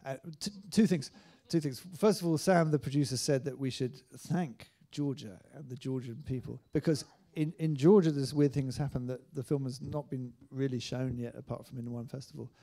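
Very dark-voiced hesitant man. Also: medium pitch, normal speed, hardly any pauses. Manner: hesitant, with frequent restarts and fillers. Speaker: writer-director guest. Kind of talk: onstage panel discussion.

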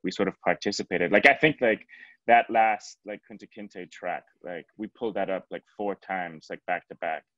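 A man's voice: deep voice, normal speed, fairly bright tone, no room sound, dull audio. A man, a cinematographer, answering on a panel in a casual, searching way. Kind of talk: panel discussion.

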